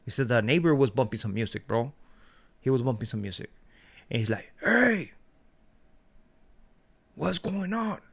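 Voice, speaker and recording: A man's voice: medium pitch, brisk, creaky, long pauses, a little mellow. A man vlogging in a casual, profane rant, telling street-slang stories with frequent laughter.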